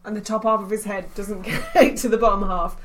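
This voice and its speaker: A woman's voice: medium pitch, fairly even intonation, brisk. A woman in her thirties co-hosting a podcast, chatting casually with sweary, laughing banter. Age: 30s. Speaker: podcast co-host. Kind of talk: casual chat.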